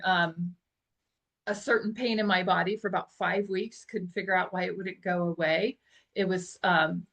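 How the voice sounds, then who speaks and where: A middle-aged woman guesting on a podcast, telling a personal story in a lively, chatty way with frequent laughs. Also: medium pitch. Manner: animated storyteller who laughs often. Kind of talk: casual storytelling interview.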